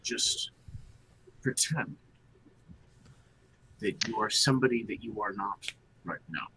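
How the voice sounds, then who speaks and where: A man's voice: on the low side, huge pitch swings, slow pace, sharp tone, a little hiss or hum, heavily acted, rough recording. A man voicing a terse male adventurer in a tabletop game.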